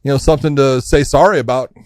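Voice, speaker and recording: A man's voice: mid-range voice, fairly even intonation, quick pace, darkish tone, no echo. A man co-hosting a casual podcast, blunt and emphatic, swearing casually. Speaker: co-host.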